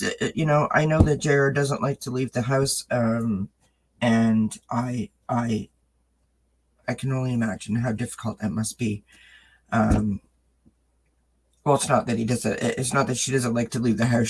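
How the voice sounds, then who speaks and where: A man's voice: medium pitch, fairly even intonation, a little slow, slightly rough, low-quality recording. A man giving a live-streamed tarot reading, reassuring his viewers and greeting the chat by name. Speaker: tarot reader.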